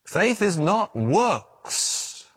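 A man preaching a sermon in a fairly high voice that swings widely up and down. He tells stories with animated energy, often stumbling over words and restarting mid-sentence. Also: extremely slow, husky. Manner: animated storytelling with stammered restarts.

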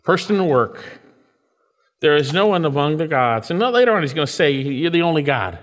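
A man preaches a sermon in a somewhat higher voice, with a long reverb trailing his words through a large hall. He reads scripture slowly and weightily, rising to emphatic peaks and dropping to hushed, low asides. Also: sing-song. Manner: preaches with wide swings between raised emphatic lines and low hushed ones. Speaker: pastor.

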